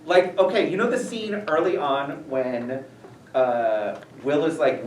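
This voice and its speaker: A man visiting a school as an author, answering questions in a rambling, animated way full of fillers. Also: medium pitch, unhurried, slight background noise. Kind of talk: casual Q&A talk. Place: school room, audience present. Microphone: distant from the recorder. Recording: echoey room, voice heard from far off.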